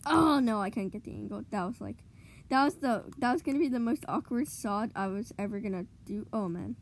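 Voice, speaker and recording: A woman giving excitable live commentary on her own gameplay, cheering goals and groaning at misplays. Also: on the high side, fairly quick, slight background noise. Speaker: gamer streamer.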